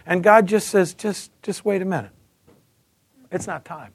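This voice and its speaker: A husky, high-voiced man in his fifties delivers a testimony sermon. He tells his story with animation, stumbling over repeated words and switching into other voices. The sound is dry and close. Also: normal speed, fairly bright tone, no room sound. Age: 50s. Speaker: preacher giving testimony.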